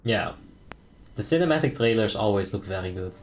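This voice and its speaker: A man's voice: on the low side, expressive, a little fast, soft background music. A young man from the Netherlands chatting casually on a game stream, joking, reading chat aloud and calling raid tactics. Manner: laid-back, joking, reads chat aloud and laughs often.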